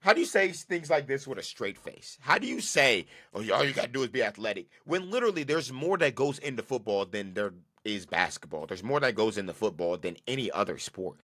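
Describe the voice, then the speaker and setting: A podcast host with a medium-pitched, sharp, sing-song voice rants briskly about football with few pauses, emphatic and slangy, repeating his points in a casual solo commentary.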